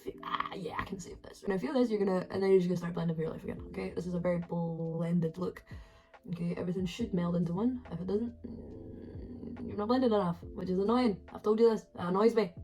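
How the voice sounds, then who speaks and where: A woman with a Scottish accent giving a chaotic, sweary makeup tutorial at home, with sudden soft muttered asides. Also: on the low side, quick pace. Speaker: beauty vlogger. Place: her flat at home.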